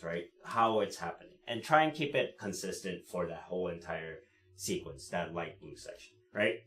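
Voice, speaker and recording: A man teaching cello in a live lesson, explaining in a relaxed way with many fillers and frequent "right?" checks, pausing to play the instrument. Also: on the low side. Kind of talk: live online music lesson. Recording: roomy sound with cello playing. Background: cello playing between phrases.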